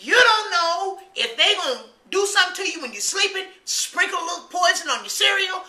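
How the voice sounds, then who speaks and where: A woman vlogging her opinion in a fiery, preachy way, sometimes bursting into loud mocking voices. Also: very high-pitched, sing-song, fairly quick. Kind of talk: animated opinion monologue. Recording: echoey room.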